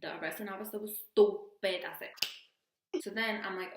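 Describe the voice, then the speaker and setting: A woman's voice: medium pitch, moderate pace, background noise. Slangy young woman telling a story. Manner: animated, slangy, jokey asides. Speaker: vlogger. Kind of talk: casual storytelling. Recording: roomy echo.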